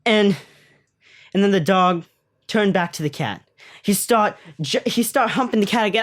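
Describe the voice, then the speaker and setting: A woman vlogger telling a comic story in a profane, slangy, animated way. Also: mid-range voice, moderate pace, long pauses, no room sound, studio quality. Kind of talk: comedic storytelling vlog.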